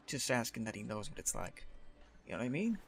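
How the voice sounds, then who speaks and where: A man's voice: medium pitch, very animated, a little fast, a bit bright, slightly rough. A man playing a nervous one-eyed character with a cane in a tabletop game, stammering and pleading. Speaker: player.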